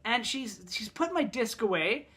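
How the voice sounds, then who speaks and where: A man's voice: extremely high pitch, lively intonation, a little slow, sharp tone, slightly rough. A man telling a story in a casual vlog, rambling, swearing and sarcastic, in pain from a broken thumb. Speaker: vlogger.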